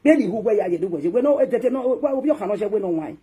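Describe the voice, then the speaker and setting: A woman with a Nigerian accent, a social media talk show host delivering a scolding, ranting monologue that swings between loud outbursts and hushed muttering. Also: medium pitch, lively intonation, quick pace, slightly rough, lo-fi sound.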